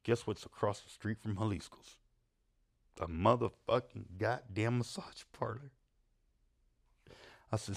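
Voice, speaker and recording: Brief: low, gravelly guy, casual and foul-mouthed, spinning a long yarn. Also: measured pace, pauses often. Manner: rambling, swearing, laughing at his own story. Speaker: storyteller. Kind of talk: profane casual storytelling.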